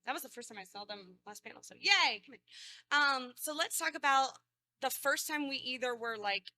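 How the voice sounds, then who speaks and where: A woman in her thirties talks through a convention panel while losing her voice. Her tone is very bright and sits a little high, and she rambles, restarts and laughs easily. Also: animated, a little fast, no room sound. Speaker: cosplay guest panelist. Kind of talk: casual convention panel talk.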